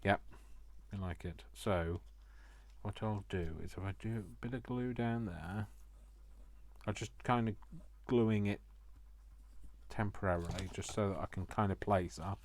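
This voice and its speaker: A man's voice: on the low side, measured pace, long pauses, a little mellow. A man chatting to viewers while crafting, joking at his own expense. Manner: self-mocking, jokey asides to viewers. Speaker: craft vlogger.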